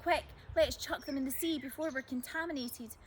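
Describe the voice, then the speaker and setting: A woman's voice: high-pitched, moderate pace, slight background noise, pitched above the performer's own voice, natural voice. A woman voicing an impulsive young boy who mutters and splutters defensively.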